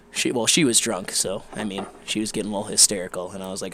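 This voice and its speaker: A young man telling a long, rambling, profane story with animated energy in a casual podcast chat. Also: lowish voice, quick pace, hardly any pauses, a little hiss or hum.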